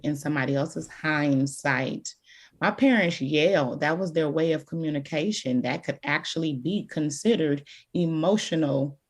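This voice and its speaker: A woman speaks as a podcast guest expert, frank and emphatic as she tells her own story. Her voice sits low, with a gravelly, husky grain. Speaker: guest expert on childhood trauma. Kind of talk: candid podcast conversation.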